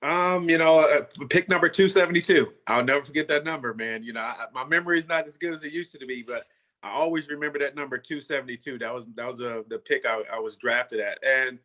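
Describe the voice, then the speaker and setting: A man's voice: mid-range voice, fast, pushed and bright. A man in his fifties, a former football player, telling his story in a casual way and often saying "you know" and "man".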